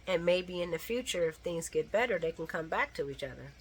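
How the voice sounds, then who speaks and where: A woman giving a casual late-night soap opera recap, animated and swearing freely as she acts out the characters. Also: fairly low pitch, fairly quick, a little hiss or hum.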